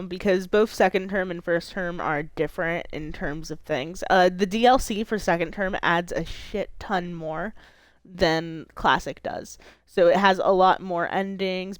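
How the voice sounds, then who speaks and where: A woman's voice: fairly low pitch, fairly even intonation, measured pace, dry recording. A woman streamer chatting casually and eagerly explaining a game's rules to her co-player. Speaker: streamer running the game. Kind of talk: casual gaming chat.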